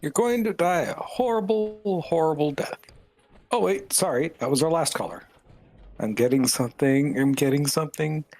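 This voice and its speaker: A woman's voice: low-pitched, normal speed, darkish tone. A woman on game voice chat voicing an ominous psychic hotline fortune-teller who makes dramatic, doom-laden pronouncements.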